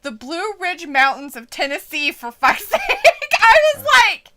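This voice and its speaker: Giggly high-voiced woman reading the chat. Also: lively intonation, unhurried, heavy background noise. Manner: giggly, laughs often, quotes the chat. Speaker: co-host of a wrestling watch-along stream. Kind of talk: casual chat, reading out live chat.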